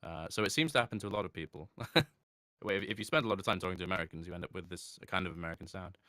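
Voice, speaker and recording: A man's voice: low-pitched, bright, forceful tone, no echo, studio quality. A man being interviewed in casual chat, talking thoughtfully with many restarts and light laughs. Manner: halting, thoughtful, with frequent restarts. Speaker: interview guest.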